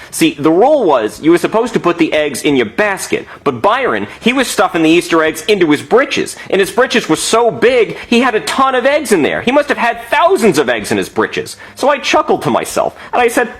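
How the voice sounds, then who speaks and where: A young man telling absurd comic stories with rambling, indignant deadpan. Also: on the high side, slightly rough. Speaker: comedic storyteller.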